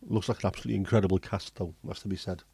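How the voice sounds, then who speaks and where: Joking host, casual swearer, mellow low voice, dry close sound. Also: male voice, steady tone, very fast, vocal fry, slightly rough, no echo. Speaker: livestream host. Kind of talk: casual chat reading viewer comments.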